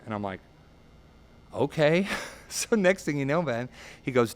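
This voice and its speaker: A man in his thirties casually telling stories in an interview, animated and often quoting others in acted voices. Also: mid-range voice, normal speed, pauses often. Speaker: guest musician.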